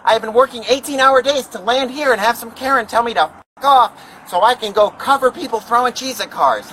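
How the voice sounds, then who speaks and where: Ranting angry man, high bright voice. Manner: ranting, profane, agitated. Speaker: homeless activist confronting police. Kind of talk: angry street confrontation. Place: outdoors in a parking lot. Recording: distant bodycam audio with background noise.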